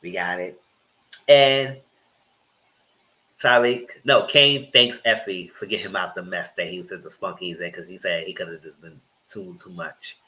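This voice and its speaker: A man's voice: sits low, steady tone, moderate pace, pushed and bright, rough recording. A man giving a casual TV episode recap, retelling scenes animatedly with frequent restarts. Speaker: TV reviewer.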